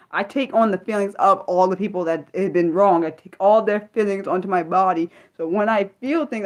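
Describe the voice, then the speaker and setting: Fired-up woman venting on a livestream. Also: mid-range voice. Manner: heated, swings between fired-up and muttered; swears freely, lots of restarts. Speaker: livestream host. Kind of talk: unscripted livestream chat.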